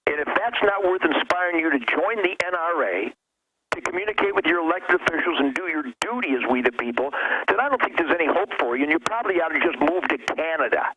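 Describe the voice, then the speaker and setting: A man calling into a radio show, giving a fervent, preachy speech that swings between emotional and loud. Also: fairly high pitch, animated, fast talker, dull audio, slight background noise. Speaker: guest caller. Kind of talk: impassioned talk radio rant.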